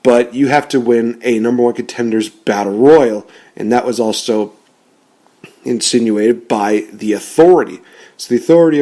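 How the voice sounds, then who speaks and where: A man's voice: mid-range voice, mellow. A man giving casual, rambling commentary on rebooking wrestling storylines, often correcting himself.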